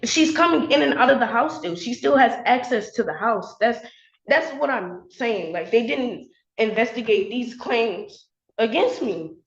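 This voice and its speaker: A young woman defends herself in court, hesitant and filler-heavy, in a fairly high voice. The sound is echoey and dull, caught by a courtroom recording. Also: expressive, measured pace. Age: young adult. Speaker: tenant defendant. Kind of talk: courtroom testimony.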